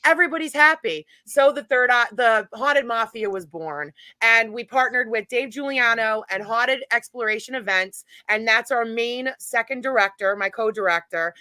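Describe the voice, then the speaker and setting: Woman, guest storyteller, bright voice, animated, laughs a lot. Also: fairly high pitch, moderate pace, hardly any pauses, dry recording. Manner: animated, laughs while telling stories. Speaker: guest, paranormal event organizer. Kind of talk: casual storytelling.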